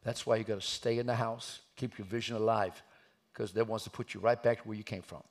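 A man preaching a sermon, acting out a story and swinging from hushed tones to loud outbursts. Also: on the low side, steady tone, a little fast. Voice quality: gravelly, husky.

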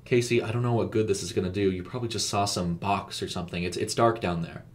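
A man's voice: fairly low pitch, steady tone, quick pace, lightly acted. A man voicing a condescending, secretive middle-aged man who turns coldly stern.

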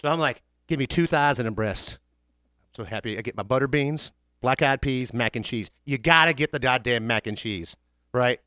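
Man, podcast host, animated storyteller, does voices. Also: mid-range voice, normal speed, no echo, clean studio sound. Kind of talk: casual storytelling chat.

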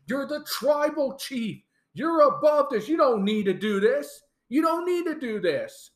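A loyal wrestler pleads with his boss to back down, as a man acts him out. The voice climbs high with urgency. It is recorded in an echoey room. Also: big pitch swings, unhurried, full character voice. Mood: pleading. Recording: roomy echo.

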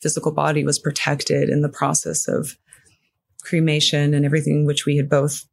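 Halting middle-aged woman, soft and reflective. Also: sits low, monotone, vocal fry, breathy edge. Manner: halting, full of "you know" fillers. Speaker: podcast guest. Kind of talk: conversational interview.

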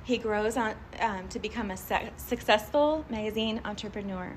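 A woman giving a live motivational talk to a group, animated and chatty, often laughing and asking the audience questions. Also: medium pitch, moderate pace, a little hiss or hum. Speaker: motivational speaker addressing a group.

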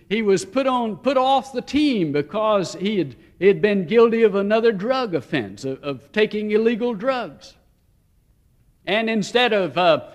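A man preaching a sermon, telling stories and shifting between slow, weighty phrases and quick asides. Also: high voice.

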